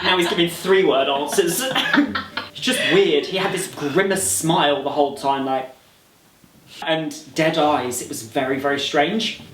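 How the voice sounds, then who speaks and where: A man's voice: a little high, unhurried, a bit bright. A man telling a storytime anecdote on his channel, laughing often and acting out what other people said. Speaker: vlogger. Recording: roomy echo with faint music.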